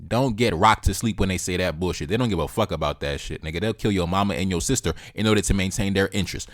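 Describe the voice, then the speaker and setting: A man hosts his own reaction video with fiery political commentary. He talks bluntly and profanely and hammers the same points again and again. His voice sits low, and the close mic sounds dry with no room echo. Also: fast talker. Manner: emphatic, blunt and profane, repeats key points.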